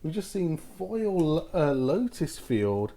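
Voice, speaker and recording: A man hosting a card-opening video, giving casual commentary and exclaiming excitedly at each pull. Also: a little high, takes it slowly. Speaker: host opening card packs.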